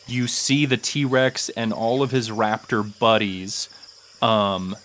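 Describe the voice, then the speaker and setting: Slow-talking man game master. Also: lowish voice, a bit bright, slight background noise. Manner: casual, halting with fillers. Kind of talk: narrating a tabletop game.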